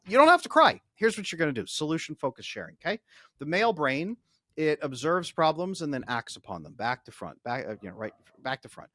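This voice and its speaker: A man talking as a podcast guest, coaching listeners with animated, acted-out examples. His voice sits at an ordinary middle pitch, and the recording is dry and close with no room sound. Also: dry recording. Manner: animated, explanatory, talks through acted examples. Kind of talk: podcast interview.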